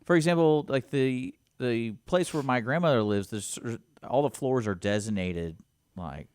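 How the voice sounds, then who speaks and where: A man's voice: mid-range voice, a little slow, darkish tone, clean tone, no room sound, clean studio sound. A man co-hosting a community radio talk show, chatting casually in a rambling way, often restarting his sentences and leaning on "I mean" and "like". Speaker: co-host.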